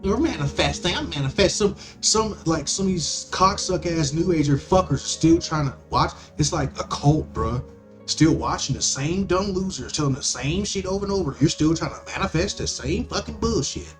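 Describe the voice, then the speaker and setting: A man's voice: fairly high pitch, lively intonation, moderate pace, faint music behind. A man hosting a podcast, ranting in a profane, rambling monologue full of stammering restarts. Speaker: podcast host.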